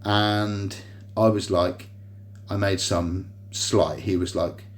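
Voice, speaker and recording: Talking slowly in a level, low voice, this man rambles through a personal story to camera from a hospital room. He's a vlogger airing a grievance to a tripod-mounted phone, filling his monologue with fillers and restarts.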